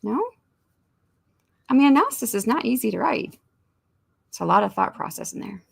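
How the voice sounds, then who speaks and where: A woman's voice: on the high side, lively intonation, normal speed, vocal fry, breathy edge. A woman hosting a writing sprint livestream, chatting casually and rambling as she reads viewer comments aloud.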